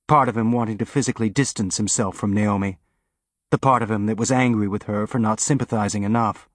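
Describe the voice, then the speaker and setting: A man narrating an audiobook in an even, steady reading style. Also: fairly low pitch, brisk, no room sound, clean studio sound. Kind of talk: scripted narration.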